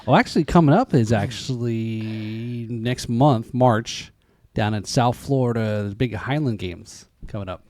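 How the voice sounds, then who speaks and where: A man's voice: medium pitch, unhurried, few pauses, darkish tone, dry recording, studio quality. An American man co-hosting a podcast, a drummer who chats along and readily agrees with the others. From United States. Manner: agreeable, chatty. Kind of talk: casual podcast chat.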